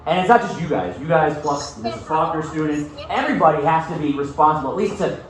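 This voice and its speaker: Male teacher, casual classroom talk with a slightly high voice, reading aloud from a distance in a bare room with faint hiss. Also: expressive, fast. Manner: casual, checks in with frequent "okay?". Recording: very echoey room, far from mic.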